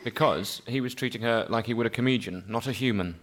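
A man hosting a live comedy show, introducing acts and asking halting questions. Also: mid-range voice. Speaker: host. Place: live venue stage with audience. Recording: loud crowd and noise.

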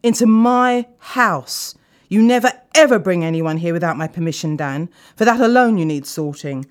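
A woman voicing a male crime boss who speaks softly, slickly and with menace. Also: fairly low pitch, lively intonation, moderate pace, close to an everyday voice. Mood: cold anger.

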